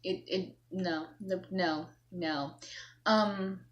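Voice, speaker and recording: A woman's voice: on the low side, steady tone, very slow, lo-fi sound. A young woman vlogging, telling a story in a rambling, self-mocking way, acting out herself and her mom. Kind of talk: casual storytelling to camera.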